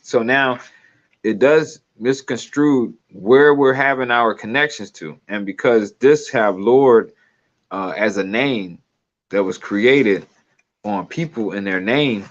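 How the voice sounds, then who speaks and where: A video commentator rambles casually through a loose, digressive commentary, laughing now and then. His voice sits at medium pitch with a fairly bright tone, and the sound is dull and lo-fi.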